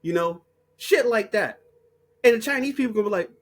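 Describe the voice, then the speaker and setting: A man's voice: high voice, lively intonation, fairly quick, long pauses. A man from the United States in an unscripted, profane rant as an online commentator, blunt and heated, laughing between points.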